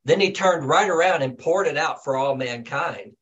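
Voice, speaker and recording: A man's voice: on the high side, normal speed, lo-fi sound. Earnest man asking questions in study group. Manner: earnest, hesitant starts, thoughtful questions.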